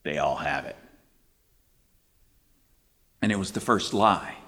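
A man preaching a sermon, emphatic, his pitch climbing on questions and quoted scripture. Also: lively intonation, slow, pushed and bright, big-room sound.

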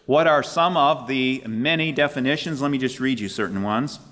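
A man preaching a sermon, emphatic, his pitch climbing on questions and quoted scripture. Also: normal speed, a bit bright, long reverb tail.

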